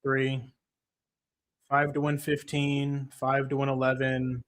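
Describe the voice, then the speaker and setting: A man's voice: medium pitch, monotone, slow pace, a bit bright. Profane, fed-up young male streamer. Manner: profane, frustrated ranting; reads chat comments aloud. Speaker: livestream host. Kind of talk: live fight-watching stream commentary.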